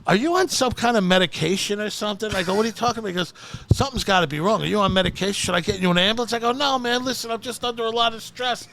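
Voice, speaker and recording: A middle-aged man with a New Jersey accent, telling a profane story in animated bursts and acting out every voice in it. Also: high-pitched, very fast, a little hiss or hum. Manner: animated, acts out the voices in his stories, frequent swearing. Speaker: podcast guest, storyteller.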